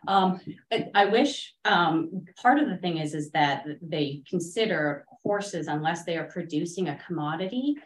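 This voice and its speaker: A woman consultant speaking at a town board meeting, measured and technical, hedging her points. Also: fairly low pitch, expressive. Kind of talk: public meeting discussion. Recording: echoey meeting room.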